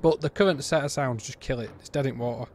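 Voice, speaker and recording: A man's voice: mid-range voice, fast, darkish tone, slight background noise. A British man giving a casual, blunt and exasperated game review, rambling with frequent restarts.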